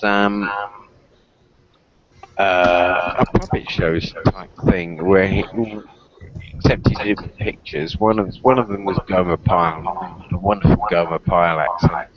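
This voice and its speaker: Deep-voiced tipsy man rambling. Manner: rambling, self-correcting. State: a bit drunk. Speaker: stream host. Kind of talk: casual podcast chat. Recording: muffled lo-fi stream with crowd noise.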